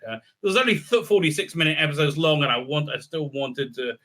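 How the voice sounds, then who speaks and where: A man's voice: on the high side, fast talker, bright, forceful tone. A man giving a sarcastic, profane recap review full of fillers and restarts. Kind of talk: casual ranting recap.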